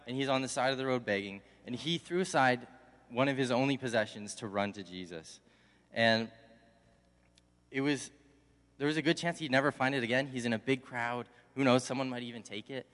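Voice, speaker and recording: A man's voice: mid-range voice, a little fast. A young man, a college intern, giving a casual, conversational sermon. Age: young adult. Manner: conversational, animated when acting out the crowd. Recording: long hall reverb.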